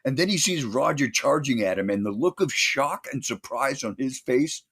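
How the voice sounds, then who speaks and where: Husky, lively low-voiced man. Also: moderate pace. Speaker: podcast co-host. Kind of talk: casual movie review chat.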